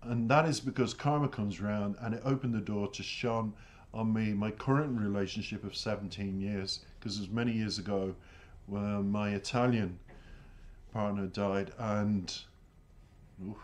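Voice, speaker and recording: A middle-aged Irish man hosting a music reaction channel, talking in a halting, emotional way with sighs as he tells a personal story. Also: lowish voice. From Ireland. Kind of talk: reflective reaction commentary.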